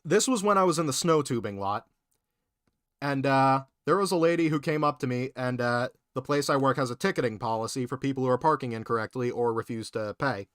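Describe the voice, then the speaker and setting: Junger Mann, der fluchend Anekdoten erzählt. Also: male voice, mid-range voice, fairly quick, no echo, clean studio sound. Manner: profane, animated storytelling. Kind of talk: casual storytelling.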